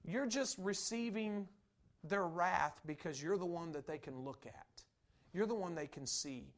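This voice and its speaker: A man preaching a sermon, conversational at first and rising to loud, emphatic declarations. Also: high voice, animated, a little slow. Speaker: pastor.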